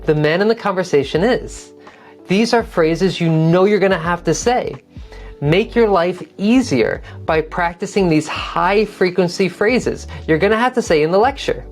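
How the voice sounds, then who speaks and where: Low-voiced woman teaching test prep. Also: measured pace, soft background music. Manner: practical, encouraging, repeats key phrases to model pronunciation. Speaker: TOEFL teacher. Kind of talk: online test-prep lesson.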